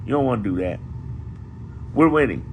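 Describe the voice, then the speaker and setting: A man's voice: mid-range voice, expressive, normal speed, a little mellow, a little hiss or hum. A man giving casual political commentary, emphatic and profane, repeating his points for effect.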